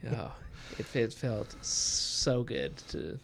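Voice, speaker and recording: Excitable gravelly-voiced man. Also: on the low side, drawn-out words, pauses often, slight background noise. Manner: excitable, laughs often while talking. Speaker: book podcast co-host. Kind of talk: casual chat.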